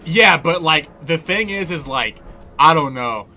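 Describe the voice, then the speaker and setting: Young man, streamer, casual gaming chat, profane, laughs a lot, bright tense voice. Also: a little high, lively intonation, a little slow, faint music behind. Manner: loose and profane, laughs often, rambling.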